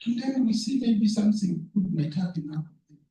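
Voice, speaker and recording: A man with a high but mellow voice delivers a presentation in a halting, earnest manner and often repeats words. He sits well back from the microphone in an echoey meeting room with faint background noise. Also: expressive. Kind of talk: conference presentation. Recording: echoey room, speaker far from mic.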